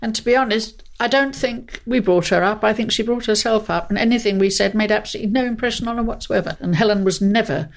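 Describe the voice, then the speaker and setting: A woman's voice: mid-range voice, quick pace, vocal fry, few pauses. An older woman chatting as a podcast guest. She is dry and matter-of-fact and teases her husband. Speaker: guest, host's mother. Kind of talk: casual chat. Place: workplace full of vintage cars.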